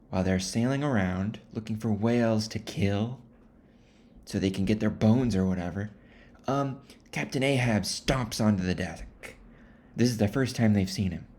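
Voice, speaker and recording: A man with a lowish voice tells a classic story in a loose, rambling way. His delivery is offhand, with deadpan asides, in the style of a comic retelling. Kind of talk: comic casual book retelling.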